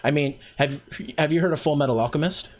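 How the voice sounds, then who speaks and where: A man's voice: fairly high pitch, fast. Rambling man teaching casually. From Canada. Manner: loose and rambling, heavy on fillers like "like" and "um". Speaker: voice acting workshop host.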